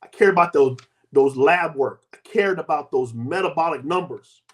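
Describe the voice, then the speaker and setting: A man in his fifties, a host and health coach, telling a personal story with emphatic, sweeping swings in pitch and loudness. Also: moderate pace.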